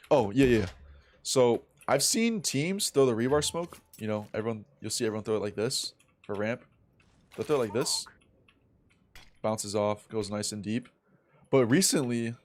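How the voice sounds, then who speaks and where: A man's voice: mid-range voice, normal speed, long pauses. A young man chatting casually on a live game stream, telling a rambling story full of slang and swearing. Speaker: streamer and competitive gamer.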